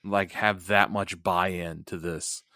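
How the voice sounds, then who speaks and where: A man's voice: low-pitched, steady tone, slow pace, sharp tone, dry recording, studio quality. A man co-hosting a podcast in casual chat, joking and laughing often. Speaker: podcast co-host.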